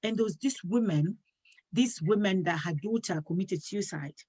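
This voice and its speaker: A woman's voice: medium pitch, normal speed, warm tone, husky. Earnest storytelling woman host. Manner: earnest storytelling, acting out quoted dialogue. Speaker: talk show host. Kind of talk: casual talk show conversation.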